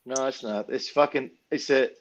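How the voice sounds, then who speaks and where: A man's voice: mid-range voice, moderate pace. A man trading foul-mouthed insults in casual live-stream banter, in muffled lo-fi audio.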